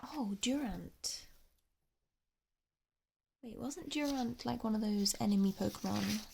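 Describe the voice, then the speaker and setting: A young English woman speaking softly in ASMR style, murmuring to herself as she tries to recall names. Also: a little high, takes it slowly, vocal fry, slight background noise. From England. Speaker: ASMR creator. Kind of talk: soft-spoken ASMR.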